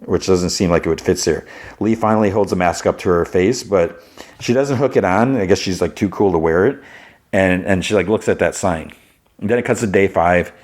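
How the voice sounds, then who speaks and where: A man's voice: low-pitched, brisk, darkish tone. A man hosting a podcast, recapping a TV episode in a chatty way, full of "like" and "you know.". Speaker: podcast host.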